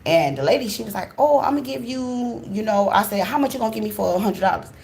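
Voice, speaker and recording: A woman from the USA, hosting her channel and telling a casual story in a blunt, profane, expressive way straight to her viewers. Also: medium pitch, fast talker, creaky, slight background noise. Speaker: channel host.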